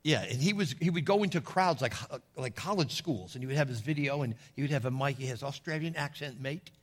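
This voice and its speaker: A man's voice: mid-range voice, a little fast. A middle-aged man preaching a sermon in a folksy storytelling way, calling out to his congregation.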